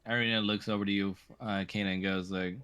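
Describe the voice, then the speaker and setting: A man's voice: on the low side, flat delivery, fast, a bit bright. A man narrating a tabletop game as game master, laid-back and full of fillers.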